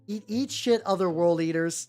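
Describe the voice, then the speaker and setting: A woman putting on a smug, calmly condescending male demigod while chatting on a stream. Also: fairly low pitch, normal speed, lightly acted. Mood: smug, patronizing. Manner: calm, patronly mock-menace. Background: soft background music.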